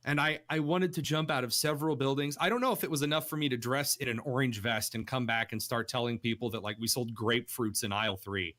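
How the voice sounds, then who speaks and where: A young man hosting a radio talk show, telling funny stories with lively shifts of voice. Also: fast talker, few pauses. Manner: animated storyteller, jumps pitch for quoted voices. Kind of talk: casual radio chat.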